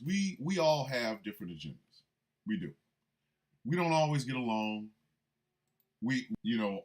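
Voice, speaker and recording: A man hosting a show of comedic political commentary, talking in an emphatic, mocking way. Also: mid-range voice. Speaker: host.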